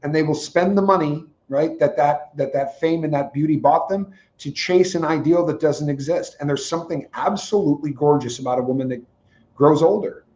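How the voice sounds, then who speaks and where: A man's voice: on the high side, normal speed, a little mellow. A man co-hosting a podcast who makes confident, opinionated points and backs them with examples in casual chat. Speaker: podcast co-host. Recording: echoey, dull lo-fi room audio.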